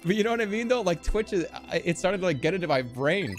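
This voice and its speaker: A man in his thirties chatting casually with his live chat, animated and jokey, swinging between loud outbursts and low mutters. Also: quick pace, soft background music. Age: 30s. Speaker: livestreamer.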